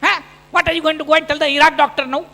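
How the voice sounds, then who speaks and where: A man's voice: extremely high pitch, flat delivery, racing, creaky, in a large hall, heavily acted. A man putting on the voice of his angry wife scolding him. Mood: indignant. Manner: shouting, scolding.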